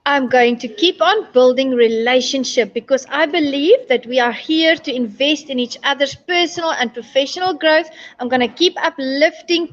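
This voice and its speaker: A woman from South Africa with a South African accent speaks upbeat and affirming as a guest on an online show. Her voice sits high. The sound is dull and lo-fi, as over a video call. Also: a bit bright. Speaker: guest speaker, podcast host.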